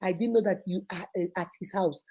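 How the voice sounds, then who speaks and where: Woman, advice show host, animated and preachy, mellow voice. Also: fairly low pitch, a little fast, husky. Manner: animated, preachy, scolding rhetorical questions. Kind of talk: casual advice commentary.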